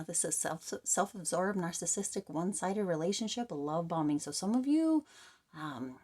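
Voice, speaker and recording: A tarot reader speaks directly to the camera in a slightly low, dark, husky voice. She is frank and rambling, filling her sentences with fillers and restarts as she works through the reading.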